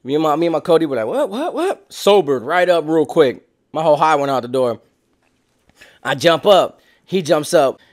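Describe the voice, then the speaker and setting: A young man casually telling a story in an animated, slangy way, acting out sounds and voices. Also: on the high side, normal speed.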